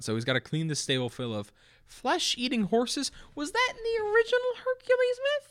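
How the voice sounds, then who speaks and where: A man's voice: very high voice, big pitch swings, a little fast, fairly bright tone. A young man co-hosting a casual book podcast, easygoing and full of fillers as he recaps the story. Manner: laid-back, plenty of fillers and agreeing murmurs. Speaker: podcast co-host.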